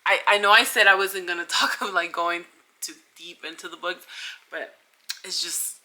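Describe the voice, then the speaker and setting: A woman's voice: fairly low pitch, fairly even intonation, moderate pace, bright, forceful tone. A young woman in a casual book review vlog, chatty and gushing, with lots of filler words. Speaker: book vlogger.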